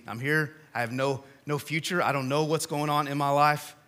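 A male pastor preaching a sermon in a church, telling stories with big swings from shouting to quiet appeals. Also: mid-range voice.

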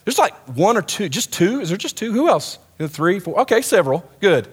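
Brief: middle-aged male preacher, slightly raised pitch, casual sermon delivery that pulls in the crowd with questions. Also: very animated, moderate pace, husky. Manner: conversational, engages the audience with questions. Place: church hall with a live congregation.

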